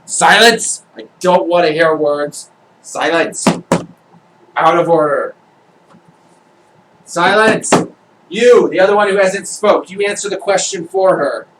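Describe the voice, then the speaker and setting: A man voicing a tiny, imperious male judge who hides behind a high desk and barks orders in a booming voice. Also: slow pace, long pauses, reverberant, recorded from a distance, background noise.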